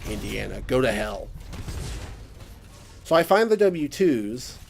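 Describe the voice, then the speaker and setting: A man's voice: medium pitch, big pitch swings, slow pace, gravelly, slight background noise. A young man ranting casually to camera, exasperated and sarcastic, mimicking other people's voices when he quotes them. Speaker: vlogger. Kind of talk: casual rant.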